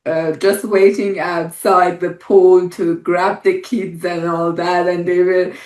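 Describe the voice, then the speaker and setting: A woman podcast host, not a native English speaker, speaking slowly and gently as she draws out a guest's stories. She laughs easily. The voice sits in an echoey room. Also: on the low side, level tone. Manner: slow, warm encouragement, laughs readily. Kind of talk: casual interview chat. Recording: roomy echo.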